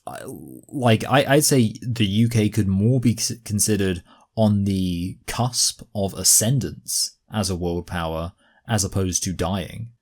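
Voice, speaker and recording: Low-voiced man, rambling commentary. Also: a little mellow, husky. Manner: rambling, filler-heavy, exasperated. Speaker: commentator reacting to videos. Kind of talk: casual reaction commentary.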